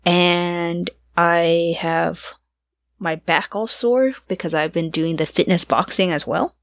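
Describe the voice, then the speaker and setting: A woman's voice: fairly low pitch, takes it slowly, no room sound, studio quality. A woman co-hosting a podcast, chatting casually about games and shows, laughing often and using lots of fillers. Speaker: podcast co-host. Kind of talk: casual chat.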